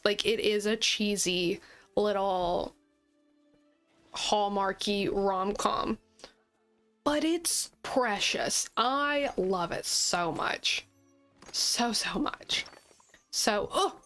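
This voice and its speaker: A woman hosting a gaming video, chatting casually while she plays, animated and often laughing. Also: on the high side. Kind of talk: casual chat while playing a game. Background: faint game music.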